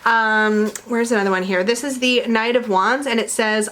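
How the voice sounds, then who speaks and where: A woman's voice: a little high, fairly even intonation, normal speed, a bit bright. Chatty, giggly woman vlogging at home. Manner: chatty, giggly, rambling with fillers. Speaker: tarot vlogger reviewing decks. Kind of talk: casual chat to camera. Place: home room with her dog nearby.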